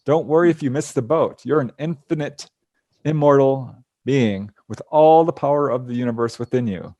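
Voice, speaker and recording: A man's voice: medium pitch, moderate pace, warm tone, no room sound, muffled recording. A man telling stories of his out-of-body experiences to a group over a video call, earnest and laughing often. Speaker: guest speaker. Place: home.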